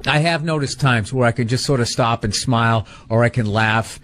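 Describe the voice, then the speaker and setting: A middle-aged comedian telling animated stories in casual conversation and acting out quotes. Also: male voice, mid-range voice, normal speed. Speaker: comedian and podcast host.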